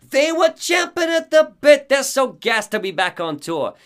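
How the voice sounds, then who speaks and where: A man doing a shrill hyped band manager. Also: big pitch swings, unhurried, a bit bright, heavily acted. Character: excitable male band manager.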